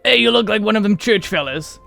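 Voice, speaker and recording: A man voicing a gruff, worn-out male laborer in a game, talking in a coarse, drawling rustic way. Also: sits high, animated, brisk, pushed and bright, faint music behind, full character voice. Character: gruff weary male corpse hauler, folksy.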